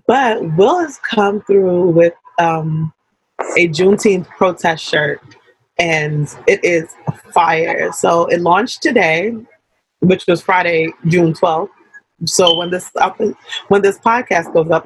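A young adult woman co-hosting a casual podcast, talking in an animated, slangy way with quick asides. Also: on the low side, slightly rough, no echo, rough recording. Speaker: podcast co-host.

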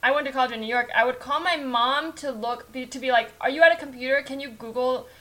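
A woman with a bright, slightly high voice in casual chat, quick to laugh and gasp. She acts out the people in her own anecdotes. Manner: laughs easily, reacts with gasps, acts out quotes.

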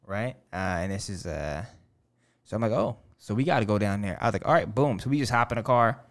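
A man's voice: lowish voice, lively intonation, fairly quick. A man in casual chat with friends, telling a long story loosely with lots of fillers and swearing. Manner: rambling, loose, profane storyteller with many fillers.

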